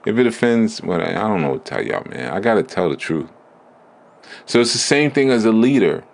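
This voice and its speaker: A man giving a blunt, emphatic spiritual teaching talk in a deliberate, preaching manner. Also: fairly low pitch, very animated, vocal fry. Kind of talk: preaching lecture.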